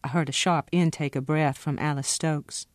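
A woman author reading from her own novel in a steady, expressive first-person narration. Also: low-pitched, normal speed, dry recording, clean studio sound.

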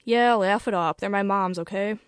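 A woman voicing an earnest teenage boy who sounds slightly high and smooth, with a self-consciously suave manner, in a dry fiction reading. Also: normal speed, no room sound, natural voice. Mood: offhand.

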